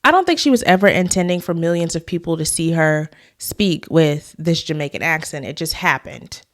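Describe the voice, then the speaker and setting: A woman's voice: sits low, expressive, normal speed. A woman hosting a commentary vlog, talking conversationally and giving her opinions straight to the viewers. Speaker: YouTube host.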